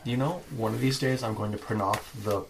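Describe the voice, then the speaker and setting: A man's voice: on the low side, steady tone, fairly quick, creaky, background noise. A man playing a tabletop game, matter-of-fact and explaining rules. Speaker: player. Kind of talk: casual tabletop play.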